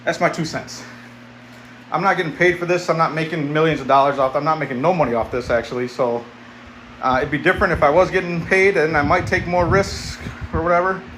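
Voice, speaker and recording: A man's voice: fairly high pitch, fast talker, a bit bright, reverberant, rough recording. A man in his fifties chats through a live workout stream in a slightly raised voice, plainspoken and circling back over the same points. The sound bounces around a bare home basement, with a faint hum of room noise underneath. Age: 50s. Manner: plainspoken, rambling, repeats himself. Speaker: fitness streamer. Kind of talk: casual live-stream chat while lifting.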